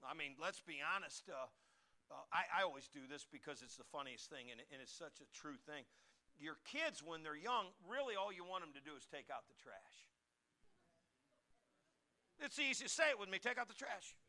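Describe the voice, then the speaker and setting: A man's voice: fairly high pitch, expressive, moderate pace, bright, forceful tone. A man preaching a sermon in a folksy, conversational way, asking the congregation to repeat phrases and building to emphatic points. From United States. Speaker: pastor.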